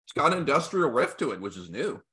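Lively young man reviewing an album. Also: medium pitch, quick pace. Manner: animated, joking, reads lyrics aloud. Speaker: podcast co-host. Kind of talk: casual album review chat.

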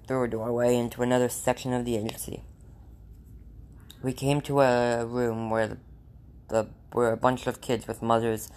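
A man reading a children's novel aloud in a plain way, with small slips and restarts. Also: mid-range voice. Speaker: reader.

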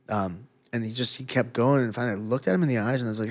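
A middle-aged man in casual conversation, an animated storyteller who swears freely and laughs often. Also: mid-range voice, rapid-fire, few pauses. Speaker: podcast guest, former fighter.

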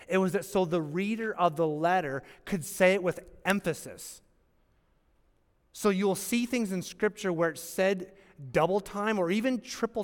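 High-voiced male pastor preaching in reverb. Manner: preaching with emphatic pauses and dramatic quotes. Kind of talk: sermon. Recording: long hall reverb.

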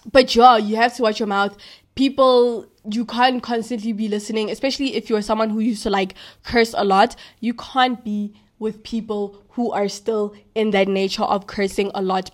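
A young woman, hosting a casual Christian talk in a slangy, emphatic, conversational way. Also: medium pitch. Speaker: Christian podcast host.

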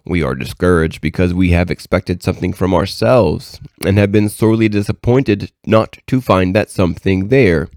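A man reading aloud from a devotional book in a measured, earnest way. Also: low-pitched, darkish tone, no room sound, studio quality. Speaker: reader.

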